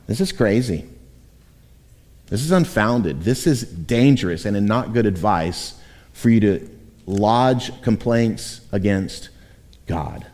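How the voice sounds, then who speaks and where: A man's voice: on the low side, lively intonation, takes it slowly, long pauses, darkish tone. A man preaching a sermon as pastor, reading scripture and acting out the voices of imagined objectors. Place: church sanctuary. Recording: long church reverb.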